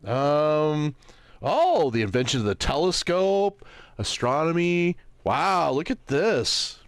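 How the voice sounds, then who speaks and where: Guy streaming, sarcastic and mocking, slow drawl but voice jumps all over, kinda high. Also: big pitch swings, clear, resonant tone, dry recording. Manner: sarcastic, mocking, keeps asking "right?"; squints at small text, reads aloud haltingly. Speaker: livestream host. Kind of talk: livestream commentary while browsing.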